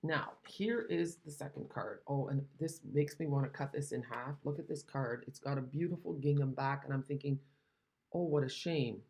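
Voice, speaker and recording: A woman's voice: rumbling low, normal speed, darkish tone, slightly rough. A woman from Canada chatting casually while demonstrating card-making, rambling and self-deprecating, recovering from an illness. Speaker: craft demonstrator.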